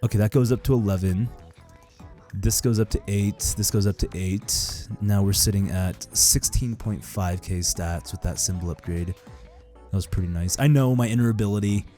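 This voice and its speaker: A young man chatting casually and upbeat while playing a game, full of fillers and quick laughs. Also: fairly low pitch, darkish tone. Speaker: gaming YouTuber and streamer. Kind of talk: casual gameplay commentary.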